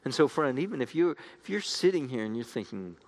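A man's voice: medium pitch, sing-song, brisk. A man preaching a sermon, earnest and building to fervent appeals to his listeners.

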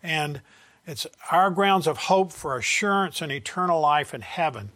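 An older man teaching a Bible lesson from his notes, earnest and slowing down to stress key phrases. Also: on the high side, lively intonation, a bit bright. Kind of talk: sermon reading from notes.

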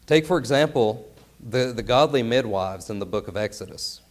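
An earnest male preacher delivering a sermon with plenty of emphasis, leaning into key words. He keeps checking in with his listeners through rhetorical questions, at an ordinary pitch for a man. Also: expressive, normal speed.

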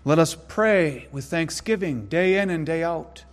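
A male pastor preaching a sermon in an earnest, emphatic way. His voice sits a little higher than most men's. He drives points home by repeating them and slows his delivery on the words he wants to land. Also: expressive, in a large hall.

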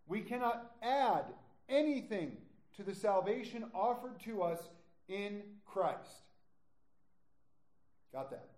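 A man preaching a sermon, stressing words slowly and dropping to quiet asides. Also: high voice. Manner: emphatic, drawn-out stresses, drops to quiet asides. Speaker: pastor. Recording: echoey room.

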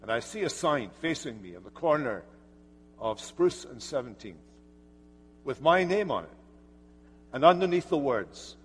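A man's voice: medium pitch, sing-song, measured pace, long pauses, breathy edge. Man preaching a sermon in a church hall. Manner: earnest, emphatic preaching with rising emphasis. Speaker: pastor. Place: church sanctuary.

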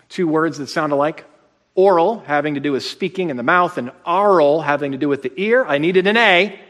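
A man preaching a plain-spoken, emphatic sermon to his congregation, slowing down to stress his points. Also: on the high side, fairly bright tone. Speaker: pastor. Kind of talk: conversational sermon. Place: church sanctuary. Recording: long reverb of a large hall.

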